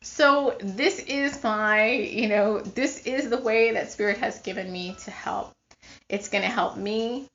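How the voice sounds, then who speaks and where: A woman's voice: mid-range voice, slow, fairly bright tone, dull audio. A woman, a spiritual teacher, talking earnestly and rambling a little with many fillers on her podcast.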